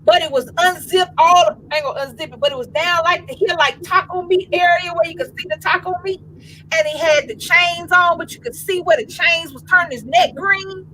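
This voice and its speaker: A woman in her fifties, co-hosting a casual chat and telling an animated comic story in slangy, laughing talk. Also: very high-pitched, moderate pace, a little hiss or hum, poor audio. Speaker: co-host.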